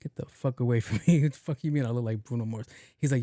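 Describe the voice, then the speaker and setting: A man's voice: medium pitch, fast talker, mellow, no room sound, clean studio sound. A young man hosting a podcast, telling a rambling, profane story and acting out both sides of the conversation. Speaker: podcast host. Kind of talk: casual storytelling monologue.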